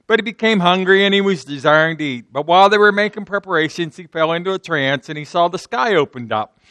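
High-voiced man preaching off the cuff. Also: expressive, fast talker, sharp tone, no room sound, studio quality. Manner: conversational, repeats words, restarts sentences. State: slight sore throat. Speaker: pastor. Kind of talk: off-the-cuff sermon. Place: church.

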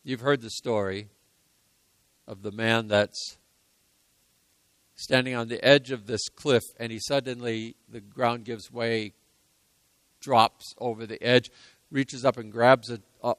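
A man preaching a sermon, repeating key lines for emphasis and moving between hushed and loud passages. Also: medium pitch, fairly even intonation, unhurried, dry recording. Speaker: pastor.

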